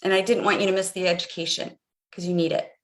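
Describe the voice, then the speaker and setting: A woman's voice: lowish voice, little pitch movement, fast. A middle-aged woman coaching viewers on a live stream, guiding them through a visualization in an earnest, repetitive way. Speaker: life coach.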